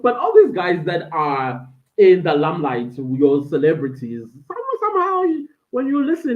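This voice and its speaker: A South African woman chats to her live-stream audience, animated and talkative. The sound is thin and tinny, like a phone line. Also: lowish voice, measured pace. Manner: animated, talks to viewers and reads out chat comments. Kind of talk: casual live-stream chat. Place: friend's indoor den at home.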